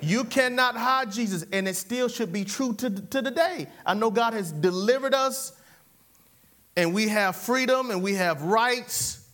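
Very high-voiced man preaching a sermon. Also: a little slow. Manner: animated, repetitive call-and-response, laughs often.

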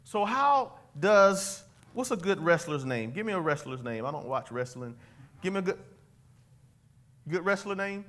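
A man preaching a sermon as pastor, animated and conversational, drawing call-and-response from his congregation. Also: high-pitched, normal speed.

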